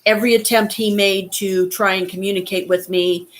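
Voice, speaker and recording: A woman's voice: medium pitch, steady tone. Shaken woman holding back tears. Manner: shaken, halting, swears, close to tears. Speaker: vlogger. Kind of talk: emotional personal story.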